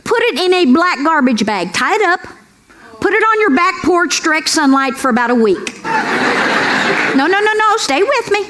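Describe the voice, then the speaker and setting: A woman's voice: very high-pitched, very animated, moderate pace. A woman comedian doing a folksy, brassy stand-up routine with punchy punchlines on a club stage. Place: comedy club stage before a live audience. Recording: live club audio with crowd laughter and noise.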